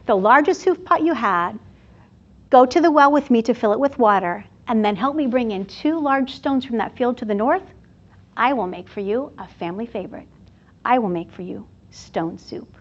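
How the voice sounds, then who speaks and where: A woman's voice: a little high, lively intonation, normal speed. A woman voicing a weary, kind traveling healer who talks in an earnest, coaxing way. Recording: dull lo-fi sound.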